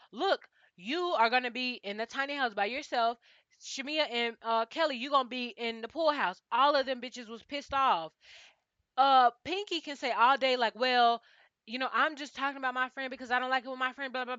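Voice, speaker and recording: Bright-voiced woman ranting bluntly. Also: fairly high pitch, dry recording, highs cut off. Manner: blunt, profane, exasperated. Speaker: reality TV recap host. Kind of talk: casual TV recap rant.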